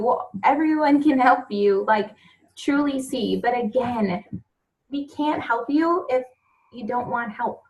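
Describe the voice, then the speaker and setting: A mother speaking on a motivational coaching call, earnest and heartfelt, soft-spoken and chatty. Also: on the high side, rough recording.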